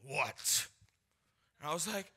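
A young man preaching, telling a personal testimony in an animated storytelling way and acting out the voices of people in his story. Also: mid-range voice, measured pace. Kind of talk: sermon testimony.

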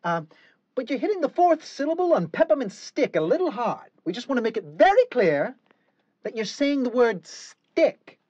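A woman's voice: fairly high pitch, very animated, moderate pace, warm tone, no room sound, dull audio. A woman directing a recording session, exasperated and correcting the singer again and again.

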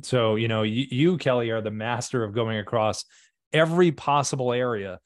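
A man co-hosting a webinar, explaining marketing in a measured, conversational way with frequent fillers. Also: medium pitch, no room sound. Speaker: webinar co-host.

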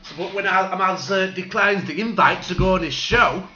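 A man's voice: high-pitched, normal speed, bright, forceful tone, a little hiss or hum. A man delivering a sarcastic, swearing satirical rant. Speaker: vlogger. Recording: echoey room, dull lo-fi sound.

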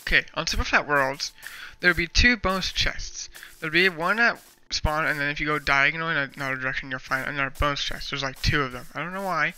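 A man's voice: on the high side, a little fast, few pauses, sharp tone, clean tone, poor audio. A man giving casual gameplay commentary on a headset mic, chatty and rambling as he talks to himself. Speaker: gaming streamer.

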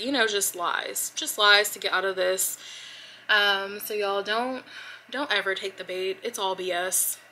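A woman's voice: medium pitch, sharp tone, slight background noise, low-quality recording. A woman vlogger telling a personal story to her viewers in casual chat, with lots of fillers. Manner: chatty, addresses viewers as y'all, many fillers. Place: at home getting ready.

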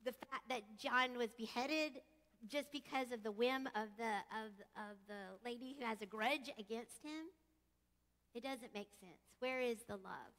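A woman's voice: a little high, a little slow. A woman preaching a casual, chatty sermon in a church sanctuary, leading her congregation through prayer and questions. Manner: chatty, animated, leads call-and-response singing. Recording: echoey church hall.

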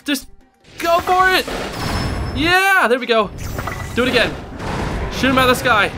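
Young gamer guy narrating his playthrough, high jumpy voice, says dude a lot, game music in the back. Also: a little slow. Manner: excitable, yelps and laughs under pressure; casual slang, says dude and bro. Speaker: gaming channel host. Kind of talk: live gameplay commentary.

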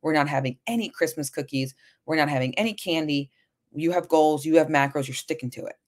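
A woman's voice: deep voice, brisk, a little mellow, lightly acted. Give me a stern perfectionist inner voice, as a woman puts it on, insisting on sticking to the rules. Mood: insistent. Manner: drill-sergeant insistence.

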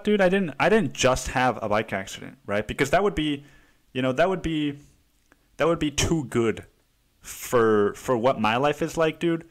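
A man in the middle of a solo podcast rant, his voice sitting at an ordinary middle pitch. He rambles and swears freely, tossing in "dude" every few words. He keeps restarting his sentences with exasperation. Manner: profane, rambling, says "dude" constantly. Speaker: podcast host.

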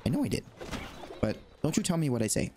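A man playing a video game and commenting as he goes, excitable and talking to the game, with sudden high yelps when he panics. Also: fast, noisy background. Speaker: gaming YouTuber. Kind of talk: let's play commentary.

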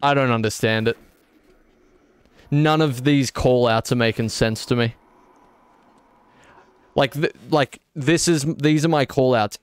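A young man streams a game and talks straight to his chat in a loose, jokey ramble. His voice is smooth and resonant at a middle pitch. The sound is dry and close. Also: a little slow, pauses often, no echo. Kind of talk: casual gaming stream commentary.

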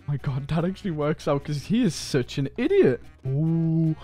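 Lively high-voiced young man gaming host. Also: a little slow, hardly any pauses, soft background music. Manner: playful, teasing, exclamatory. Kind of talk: excited gameplay commentary.

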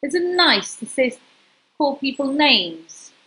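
Female storyteller, higher than average voice, lively sing-song delivery, reads a picture book to a small child unhurriedly. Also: slow, a little hiss or hum, low-quality recording.

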